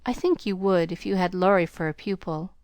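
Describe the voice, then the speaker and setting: Woman reading a kind young tutor guy, gentle and encouraging, lowish dry voice. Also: a little fast, dry recording, lightly acted. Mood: earnest.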